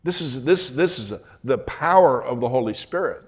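A man's voice: fairly high pitch, brisk, hardly any pauses. A man preaching a sermon in a folksy, emphatic way, with joking asides and repeated phrases.

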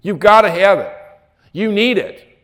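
A man's voice: sits high, lively intonation, unhurried, a bit bright. A man preaching a sermon in a folksy, emphatic way, with joking asides and repeated phrases.

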